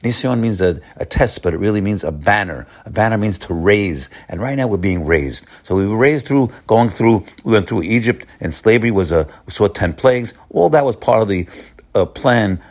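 A man giving an informal Torah lesson as a rabbi, repeating words often, rising for emphasis and then dropping low. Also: animated, moderate pace, a little mellow.

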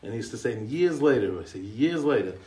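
An American man delivers a eulogy as a chatty run of anecdotes, his English packed with Yiddish and Hebrew yeshiva terms. His mid-range voice is dark-toned and lively in intonation, and he talks fast, rambling with restarts and chuckles. The mic is distant and the room sounds roomy.

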